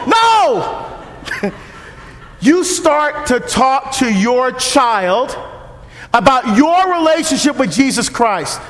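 A male deacon preaching at a parish mission in an animated, punchy way, shouting now and then for emphasis, recorded in an echoey church hall. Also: extremely high pitch, normal speed. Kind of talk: sermon.

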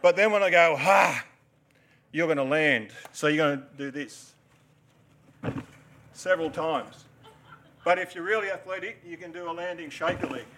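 An Australian man in his forties talks to a live audience from a stage, his voice sitting a touch high for a man. He tells a story, cracks jokes and coaches the people up front through a dance. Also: moderate pace, pauses often, a bit bright, slight background noise. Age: 40s. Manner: joking, storytelling, instructing a crowd. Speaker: dancer and performer.

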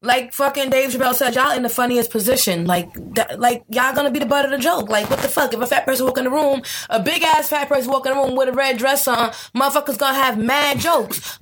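Blunt, profane woman with a high voice. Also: quick pace, hardly any pauses, fairly bright tone, a little hiss or hum. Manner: blunt, profane, laughing rants. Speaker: podcast co-host. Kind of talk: casual chat.

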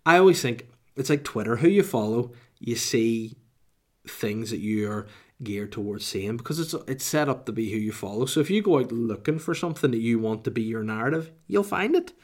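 A man's voice: mid-range voice, expressive, normal speed, a little mellow. A young adult man with a Northern Irish accent, a comedian ranting to camera in a rambling, sweary way full of asides.

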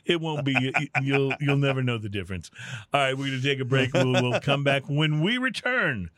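A man's voice: mid-range voice, animated, normal speed, a bit bright, no room sound, clean studio sound. A man hosting a casual podcast chat, playful and a bit hammy when he announces segments. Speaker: podcast host. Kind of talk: casual chat while tasting whiskey.

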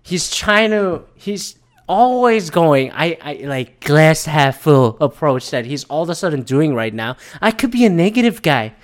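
Man with a slightly higher voice; loose, profane, rambling rant delivery. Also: big pitch swings, measured pace. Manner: mimics others in quoted asides. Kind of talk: casual rant on current events.

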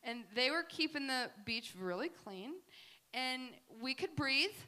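Bright-voiced woman telling animated stories. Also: high-pitched, a little slow. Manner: animated, chatty storytelling with many fillers. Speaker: speaker at a faith gathering. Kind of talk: faith talk with personal stories and slides.

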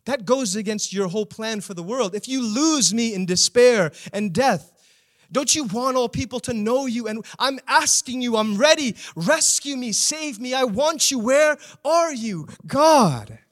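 A man voicing a desperate, anguished psalmist who pleads with and accuses God, his voice rising to near shouts. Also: extremely high pitch, lively intonation, measured pace, pitched above the performer's own voice.

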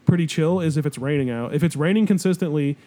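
A man's voice: fairly high pitch, fast, mellow. A young man in casual chat, talking in a slangy, rambling, laid-back way.

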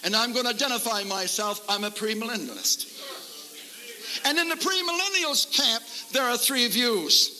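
A man's voice: extremely high pitch, normal speed, pushed and bright, a little hiss or hum. A man preaching a revival sermon at a camp meeting, fervent and emphatic, repeating lines for effect. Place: large camp-meeting hall before a congregation. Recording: live sermon with long hall reverb.

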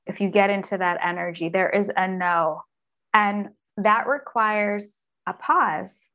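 Earnest, expressive woman coach. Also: medium pitch, slow, highs cut off. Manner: earnest and expressive, acts out inner voices. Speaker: author and executive coach, podcast guest. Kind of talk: conversational interview.

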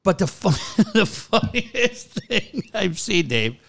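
A man's voice: high-pitched, very animated, slow pace, creaky, fairly bright tone. A man co-hosting a podcast, telling stories in a casual chat, swearing freely and laughing as he goes. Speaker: podcast co-host.

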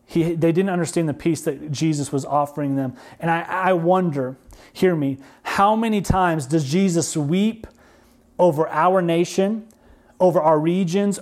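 A male pastor delivering a heartfelt sermon in a notably high voice. He repeats key phrases and drags out the words he wants to land, dropping soft and low on the solemn lines. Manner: earnest, repetitive preaching with emphatic slow phrases.

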